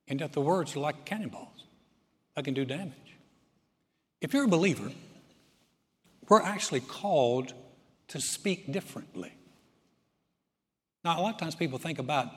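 A man's voice: a little high, expressive, normal speed, long pauses, slightly rough. A man from the States, preaching with folksy humor and often repeating words as he starts a thought over. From Southern United States. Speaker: pastor. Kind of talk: sermon with humor. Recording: long reverb of a large hall.

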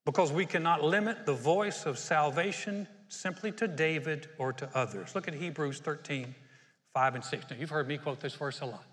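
A man preaching a sermon as pastor, animated and laughing often as he quotes scripture. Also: a little high, moderate pace. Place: church. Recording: long hall reverb.

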